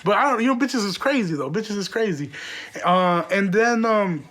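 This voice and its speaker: A man's voice: sits high, lively intonation, moderate pace, fairly bright tone. A young man hosting a podcast, telling a profane, rambling story in a casual way and laughing often. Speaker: podcast host.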